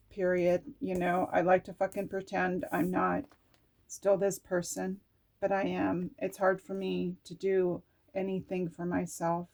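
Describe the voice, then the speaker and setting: A woman's voice: medium pitch, darkish tone. A middle-aged woman chatting through an oracle card reading, talking to herself and reading card texts aloud with casual swearing.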